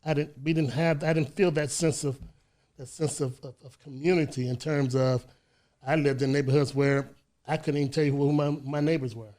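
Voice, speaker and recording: A man in his sixties from Chicago with a Chicago accent, telling his life story as an interview guest in a measured way, often restarting his words. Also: a little high, steady tone, mellow. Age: 60s. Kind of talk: casual interview. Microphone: studio microphone.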